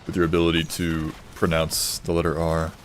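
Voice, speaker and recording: A man's voice: a bass voice, completely flat delivery, moderate pace, a little hiss or hum. A man streaming a game, casually chatting and joking with his chat while playing. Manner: joking, reading chat aloud, offhand. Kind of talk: casual gaming stream commentary.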